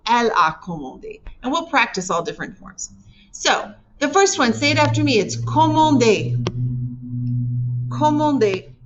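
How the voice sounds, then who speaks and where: A woman teaching a recorded French lesson, slowly modeling words for learners to repeat and prompting them warmly between drills. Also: a little high. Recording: dull lo-fi recording.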